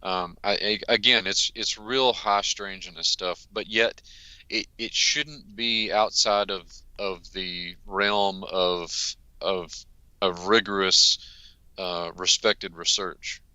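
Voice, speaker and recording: A man's voice: low-pitched, fairly even intonation, slow, bright, forceful tone, smooth, dry recording, highs cut off. A man answering as a guest researcher, hesitant and earnest with many fillers. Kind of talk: interview answers.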